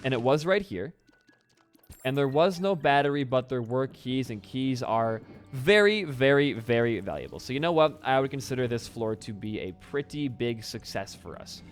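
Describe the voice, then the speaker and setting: A man's voice: medium pitch, lively intonation, normal speed. A young man giving casual gameplay commentary, rambling and self-deprecating, swearing often. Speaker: gaming YouTuber. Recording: faint background music.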